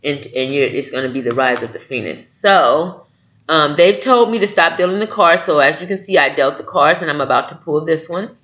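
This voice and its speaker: A man's voice: fairly high pitch, lively intonation, normal speed, dull audio. A man giving a spiritual tarot reading to his viewers, earnest and encouraging, often checking in with "okay?". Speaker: tarot reader.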